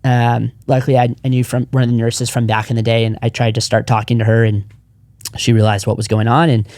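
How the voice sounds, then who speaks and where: A man's voice: mid-range voice, a little mellow, no room sound, studio quality. A man in his thirties, a podcast co-founder, telling his personal story in casual chat, earnest and rambling with frequent restarts.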